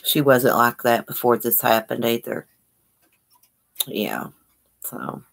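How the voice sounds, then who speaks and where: A woman's voice: rumbling low, lively intonation, slow, creaky. A woman hosting a casual livestream, reading viewer comments aloud and answering with sympathy in a chatty, folksy way. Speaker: livestream host.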